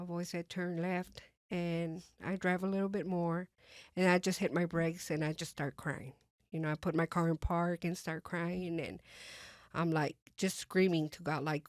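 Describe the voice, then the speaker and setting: A woman with a somewhat low voice tells her personal testimony as a guest in conversation. She talks haltingly, full of fillers and restarts, and drops her voice softly when she re-enacts what she thought. The sound is close and dry, with no room around it. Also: no echo.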